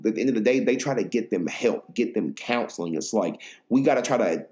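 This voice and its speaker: A man's voice: fairly low pitch, animated, fairly quick, a little mellow. A young man hosting a podcast, telling a story in a rambling, profane casual chat full of fillers. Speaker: podcast host.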